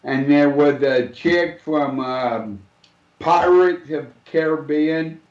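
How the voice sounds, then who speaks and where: An easygoing man talks slowly in a slightly raised voice, agreeable and relaxed. He sounds roomy and dull, as if recorded in a lo-fi, echoey space. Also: a little high. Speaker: host. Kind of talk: casual radio chat.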